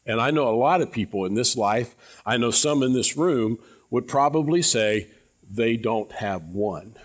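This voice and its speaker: A male pastor preaching a sermon to his church in an earnest, conversational way, often dropping to quiet, low tones and asking the congregation questions. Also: a little slow. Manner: conversational, repeats words, asks the congregation questions.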